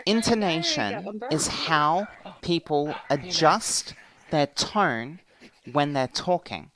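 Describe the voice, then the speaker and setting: A young woman teaching a casual voice acting class, explaining slowly and deliberately and demonstrating voices along the way. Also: deep voice, expressive, fairly bright tone, a little hiss or hum, poor audio. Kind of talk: casual class lecture in a virtual world.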